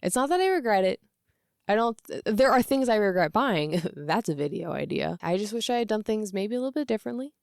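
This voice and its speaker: A woman's voice: mid-range voice, big pitch swings, brisk, gravelly, darkish tone, no echo. Woman in her thirties, casual confessional vlogger who rambles and laughs a lot, dry close recording. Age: 30s. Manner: rambling, laughing often, with many fillers. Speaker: YouTuber.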